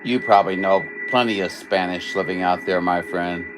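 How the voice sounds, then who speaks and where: A man's voice: low voice, steady tone, normal speed, background noise. A man from California who works as a CB radio operator, chatting casually on air in a folksy, rambling, teasing way.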